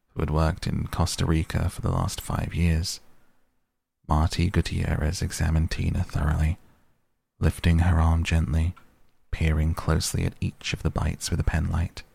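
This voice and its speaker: A man reading a novel aloud as narrator, giving each character's lines in a mostly even voice. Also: low-pitched, creaky, slightly rough, dry recording. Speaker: audiobook narrator. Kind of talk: scripted narration.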